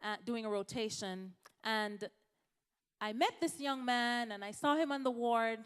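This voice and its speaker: A woman's voice: on the high side, measured pace, fairly bright tone, smooth, long reverb tail. A woman from Jamaica, a physician giving a conversational health talk to a church congregation, addressing the audience directly. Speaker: physician speaker.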